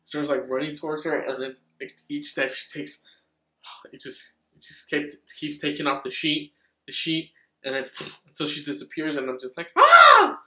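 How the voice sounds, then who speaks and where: Excitable rambling man, echoey room. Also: fairly high pitch, normal speed. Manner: rambling, excitable, swears freely. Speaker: movie reviewer. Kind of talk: excited casual movie review.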